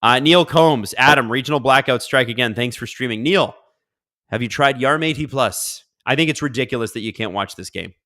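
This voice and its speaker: Male streamer host, bright edgy tone, excitable play-by-play reactions between quiet mutters. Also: mid-range voice, fairly quick. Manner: excitable, swings from mumbled asides to loud outbursts. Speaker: live-stream watch-along host. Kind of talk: live game reaction and chat reading.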